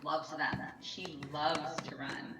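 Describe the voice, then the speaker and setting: A woman's voice: low-pitched, level tone, slow. A woman chatting casually on a stream and asking the others questions. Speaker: stream co-host. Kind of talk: casual chat. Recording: echoey and distant with music.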